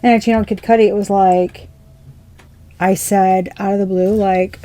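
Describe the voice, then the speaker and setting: Chatty, mellow-voiced woman tarot reader. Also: medium pitch, flat delivery, normal speed, vocal fry, a little hiss or hum. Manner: rambling, swearing, half-laughing disbelief. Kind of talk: casual tarot reading vlog.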